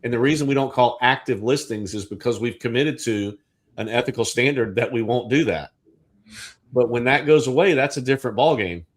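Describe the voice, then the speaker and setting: Man, rambling livestream co-host, middle pitch, casual. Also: fairly quick. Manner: rambling, with restarts and asides. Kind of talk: casual chat.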